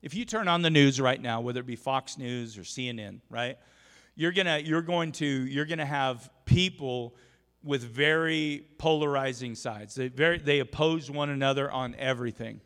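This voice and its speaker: A man's voice: medium pitch, moderate pace, fairly bright tone, in a large hall. A male pastor delivering an emphatic, storytelling sermon full of restarts, recorded in a church. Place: church sanctuary.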